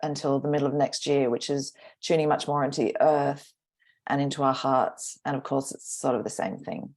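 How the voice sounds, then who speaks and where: A woman astrologer talks as a podcast guest in a low voice. She speaks reflectively and takes her time, often trailing off in thought. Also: fairly even intonation, darkish tone. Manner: reflective, slow, trailing pauses. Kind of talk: casual podcast chat.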